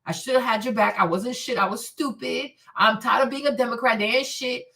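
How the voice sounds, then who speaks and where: A woman's voice: fairly high pitch, a little fast, gravelly, sharp tone, recorded from a distance. A woman voicing a contrite male celebrity who pleads and abases himself in apology. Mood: pleading. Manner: pleading, self-abasing apology.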